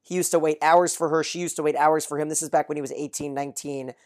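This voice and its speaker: Brisk podcast host summarizing an episode. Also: medium pitch, fairly even intonation, a little mellow. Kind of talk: episode recap and listener mail.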